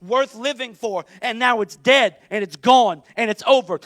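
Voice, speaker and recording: Gravelly high-voiced male pastor preaching. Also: normal speed, hardly any pauses, no echo. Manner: impassioned, swings from shouting to near-whispers. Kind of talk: sermon.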